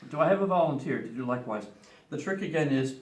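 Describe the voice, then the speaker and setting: A man's voice: mid-range voice, expressive, fast, roomy sound, slight background noise. A man teaching a class, playfully explaining each step of a science demonstration to students.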